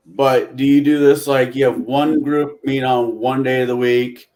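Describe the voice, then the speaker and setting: A man talks casually on a gaming podcast at a middling pitch. He wanders through his thoughts in a rambling, reflective way. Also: little pitch movement, a little slow, darkish tone. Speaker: podcast co-host.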